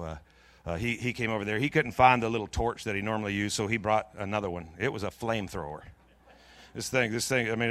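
A middle-aged man preaching in a church, telling a long personal story in a jokey, lively way with many restarts. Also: lowish voice, no room sound. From Pacific Northwest of the US. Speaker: pastor. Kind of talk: storytelling sermon.

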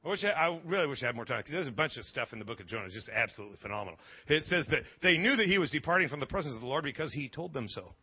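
A man preaches in a church with a husky edge to his voice, his pitch swinging widely as he jokes and stumbles through quick restarts. The live sermon audio sounds dull and lo-fi. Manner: animated, joking preacher with stammering restarts. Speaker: pastor. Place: church sanctuary.

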